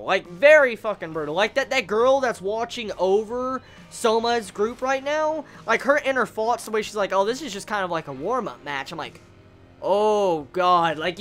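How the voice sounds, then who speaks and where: A fairly high-voiced woman talks through a casual anime review, her voice swooping up and down with lively emotion. She is blunt and profane and stammers through restarts. Faint music plays behind her. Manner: animated, stammering restarts, drawn-out rhetorical questions.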